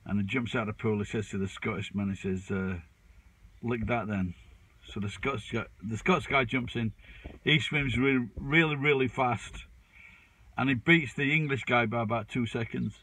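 A man's voice: medium pitch, moderate pace, bright, forceful tone, breathy edge, poor audio. A man in his fifties chatting casually to camera as a vlogger, rambling with restarts and poking fun at himself. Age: 50s. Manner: rambling, with frequent restarts and fillers.

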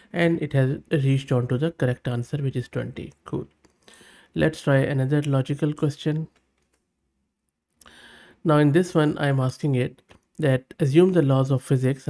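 Guy doing a tech tutorial, talks through each test as it runs, mid-pitched voice, quick upbeat takes. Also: darkish tone. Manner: thinks aloud while testing, reads prompts and outputs aloud; upbeat, plain-spoken verdicts. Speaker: tech channel host. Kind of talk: screen-recorded software tutorial.

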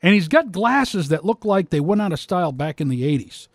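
A man with a fairly high voice holds forth in a casual rant, mocking his target and rambling through false starts. The sound is dry and close, with no room echo. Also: sing-song, fairly quick. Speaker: commentator.

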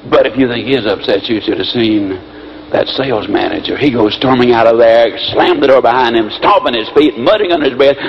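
A man giving a motivational speech, telling stories in an animated, folksy way, on a dull lo-fi recording with faint hiss. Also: mid-range voice, brisk. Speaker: motivational speaker.

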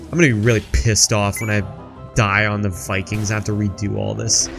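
A young man doing let's play commentary, jokey and rambling, yelling at the enemies on screen. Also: on the low side, level tone, fairly quick, creaky, soft background music. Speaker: gaming YouTuber.

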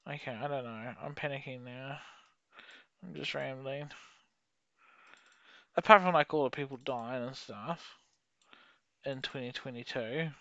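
A young man giving rambling, sweary commentary while playing a geography game, with sudden excited outbursts. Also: mid-range voice, measured pace, vocal fry, pauses often, no echo, muffled recording. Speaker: gaming YouTuber. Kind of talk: casual gameplay commentary.

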